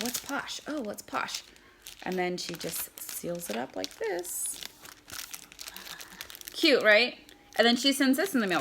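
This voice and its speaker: A woman's voice: medium pitch, fairly bright tone, slight background noise. A woman giving a casual how-to demonstration, chatting as she packs and handles mail. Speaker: product seller.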